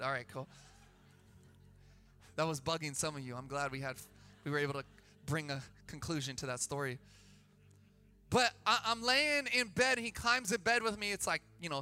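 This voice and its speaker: A high, bright-toned man in his thirties delivers a sermon as pastor. He preaches with energy and swings up to loud, emphatic peaks. Soft music plays beneath his voice.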